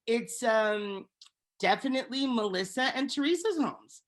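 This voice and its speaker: A woman's voice: a little high, expressive, a little slow. A woman co-hosting a podcast, chatting casually and animatedly about reality TV, often laughing and restarting her sentences. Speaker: podcast co-host. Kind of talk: casual chat recapping reality TV.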